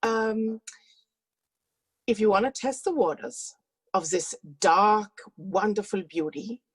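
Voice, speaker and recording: A woman's voice: medium pitch, slow pace, breathy edge. A woman hosting a streamed cabaret, introducing the next act in a playful, teasing, flirtatious manner. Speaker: host.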